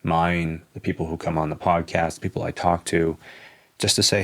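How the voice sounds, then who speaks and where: A man's voice: low voice, level tone, moderate pace, a bit bright. A young man speaking as a podcast guest, earnest and persuasive, often tagging points with "right?". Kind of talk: casual interview talk.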